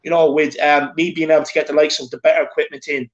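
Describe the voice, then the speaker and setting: A man's voice: a little high, flat delivery, fast, muffled recording. A man with an Irish accent hosting a casual live stream, reading out viewer messages in a chatty, repetitive way, recorded on a phone. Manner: chatty, repeats himself, calls people "my man" and "lad". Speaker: show host reading super chats.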